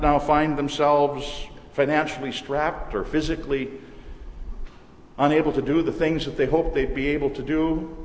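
A man's voice: fairly high pitch, a little hiss or hum. Man preaching in an echoey church. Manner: measured, earnest preaching with slowed emphasis. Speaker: pastor. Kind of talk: sermon. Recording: echoey church hall with long reverb.

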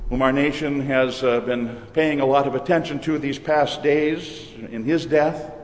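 A man from Minnesota with a Minnesotan accent, preaching a sermon as pastor in a measured, deliberate way. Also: on the high side. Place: church. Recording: reverberant church hall.

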